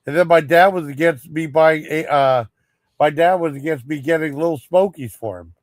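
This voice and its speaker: A man on a live stream rambles through a long grievance, swearing freely and circling back on himself. His voice sits a little high for a man. The sound is close and dry, with no room around it. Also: normal speed, dry recording. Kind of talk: casual storytelling chat.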